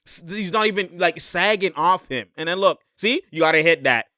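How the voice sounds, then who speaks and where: A young man giving a casual, slangy breakdown of basketball footage. He gets excitable and laughs a lot. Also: sits high, normal speed, no echo, studio quality. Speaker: basketball commentator.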